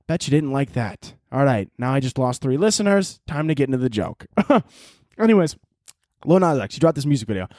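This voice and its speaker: A podcast host delivers a casual comedic monologue, rambling through profane riffs and cutting himself off mid-thought. His medium-pitched, slightly mellow voice is very animated at a normal speed, with clean studio sound and no room noise.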